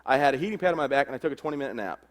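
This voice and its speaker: A young man gives a motivational speech to a crowd, spinning a story with jokes along the way. He talks at a brisk clip and jumps into the voices of the people in his story, with a pitch in a middle range for a man. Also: expressive, a little hiss or hum. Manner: joking storyteller, acts out quoted dialogue. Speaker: motivational speaker.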